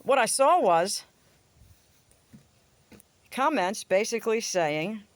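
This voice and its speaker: A woman's voice: mid-range voice, animated, slow, dry recording. A woman vlogger ranting in a casual, blunt, crude way, with sarcastic jabs and mocking asides. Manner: sarcastic, swings into mocking voices. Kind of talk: casual opinion rant to camera.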